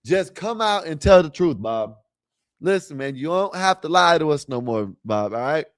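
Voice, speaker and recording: Man, stream host, rambling casual commentary, slightly high voice, dry close mic. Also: very animated, normal speed, no room sound. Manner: rambling, talks straight to viewers. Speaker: livestream host.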